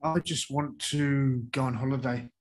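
A man speaks on a casual podcast in a hesitant, halting way, often pausing to restart. His voice sits at an ordinary middle pitch. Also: fairly even intonation. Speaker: podcast co-host. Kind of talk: casual chat.

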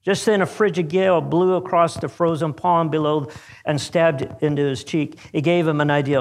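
A man narrating a story aloud in a measured, dramatic reading. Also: fairly high pitch, fairly even intonation.

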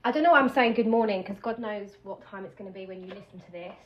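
A woman's voice: on the high side, a little fast, few pauses, dull audio. A young woman hosting her podcast at home in a candid, rambling chat, breaking off and restarting her thoughts. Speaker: podcast host. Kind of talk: casual chat. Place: at home while doing her hair.

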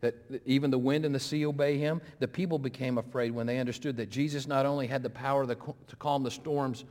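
A middle-aged man, an interim pastor, preaching a sermon, swinging between loud, pressing appeals and hushed, slow retellings. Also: mid-range voice, fairly even intonation. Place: church sanctuary. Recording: long hall reverb.

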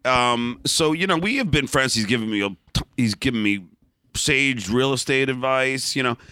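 A man with a bright, forward voice tells a story in a loose, rambling way. He keeps restarting sentences and drops blunt swear words. The recording is dry and close. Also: medium pitch, moderate pace, clean tone, no echo. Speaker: podcast guest. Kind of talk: casual storytelling.

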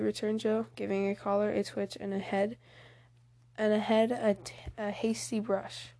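A woman's voice: medium pitch, level tone, moderate pace, dark tone. A woman reading a novel aloud as an audiobook, plainly, with small slips and restarts. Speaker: audiobook reader. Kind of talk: audiobook narration.

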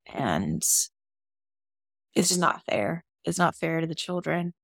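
A woman with a lowish, gravelly voice opens up on a podcast about her own experience. She talks casually and emotionally and swears now and then. The sound is dry and close. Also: sing-song, slow pace, no room sound. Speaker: podcast guest. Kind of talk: candid personal storytelling.

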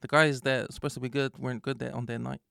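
A man with a New Zealand accent hosting a casual podcast chat, relaxed, putting questions to the group. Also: medium pitch, quick pace, vocal fry, smooth, dry recording, clean studio sound. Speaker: podcast host.

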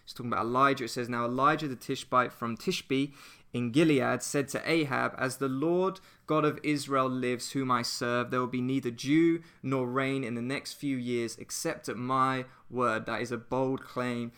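Bright-voiced earnest church podcast man. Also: medium pitch, normal speed, smooth. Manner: earnest, conversational, animated retelling. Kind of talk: short devotional talk and prayer.

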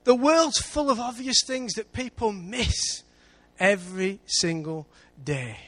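A man with an English accent preaching a sermon in church, lively, with big swings between loud and quiet. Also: high voice, slow pace. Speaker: pastor.

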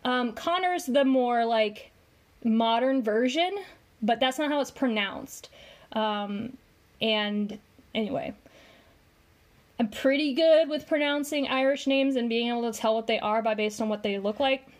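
A woman's voice: on the high side, measured pace. A woman co-hosting a casual commentary podcast, chatty and heavy on fillers as she explains. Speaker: podcast co-host.

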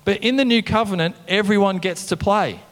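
A man preaching a casual, animated sermon, often saying "come on". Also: high-pitched, a little fast, in a large hall. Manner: animated, conversational preaching with mimicked voices and "come on" refrains. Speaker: pastor.

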